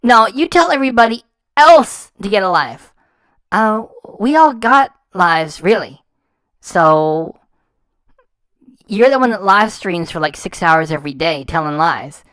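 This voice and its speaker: Scornful woman with a smooth clear voice. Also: medium pitch, lively intonation, unhurried, a bit bright, no room sound, rough recording. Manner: mocking, sarcastic and profane, stumbles when worked up. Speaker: reaction channel commentator. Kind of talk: scathing reaction commentary.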